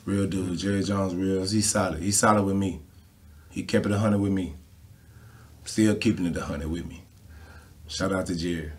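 A former football player tells stories in a casual interview, full of slang and swearing. His voice sits a bit low for a man. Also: moderate pace, long pauses. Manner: animated, slangy, swears freely.

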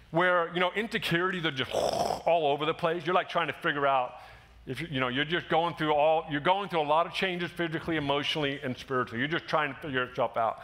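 A male pastor delivering a sermon with a high, bright, ringing voice. He preaches in an animated, conversational way, slipping into short acted-out quotes. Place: church sanctuary.

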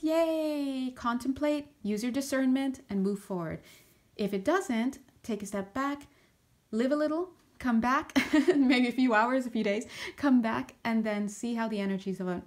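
A woman's voice: a little high, a little mellow. A woman doing a casual spiritual reading to camera, out of breath, chatty and searching for words with frequent restarts. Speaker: astrology and tarot reader.

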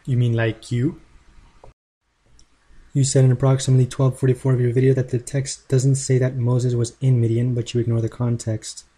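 A man's voice: mid-range voice, flat delivery, normal speed, dark tone, husky. A man making a rebuttal video, arguing in a combative and mocking manner. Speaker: video creator responding to a critic.

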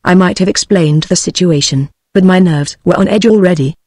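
A text-to-speech woman's voice with a British English accent, reading a book aloud in an even, synthetic manner. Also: on the low side, normal speed, husky, no room sound, studio quality. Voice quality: synthetic, evenly paced. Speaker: audiobook narrator.

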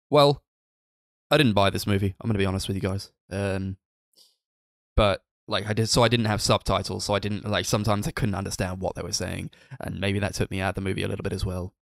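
Low dry-voiced man, hesitant and sarcastic. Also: creaky, dry recording. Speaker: podcast co-host. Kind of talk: casual film review chat.

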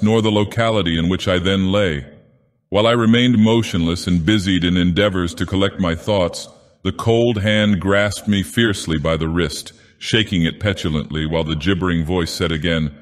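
A man's voice: low voice, fairly even intonation, moderate pace, lightly acted. A man voicing a grandiose, menacing ancient god-villain as he narrates a horror tale solemnly. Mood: brooding. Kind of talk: dramatic horror reading. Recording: long reverb.

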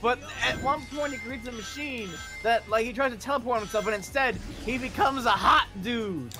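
A young man chatting while playing a video game, telling a rambling, animated story on a tangent. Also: very high-pitched, normal speed. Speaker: gamer playing a speedrun race. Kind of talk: casual gaming chat. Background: game music.

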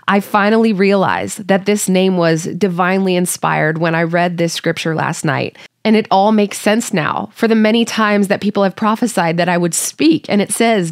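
Woman from Hawaii, Bible study host, earnest and heartfelt, mid pitch, dry close sound. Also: normal speed, hardly any pauses, no echo. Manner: warm, earnest, heartfelt and conversational. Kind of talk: devotional Bible teaching with scripture reading.

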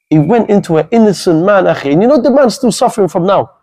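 A young man gives an impassioned religious talk to young people. He speaks bluntly and fiercely, with plenty of street slang. His voice sits noticeably high for a man. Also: expressive, fast, warm tone, poor audio. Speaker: guest speaker.

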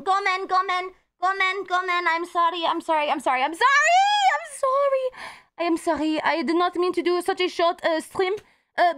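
A woman's voice: very high voice, a bit bright. A woman streamer chatting casually with her live audience, bubbly and giggly and swearing freely.

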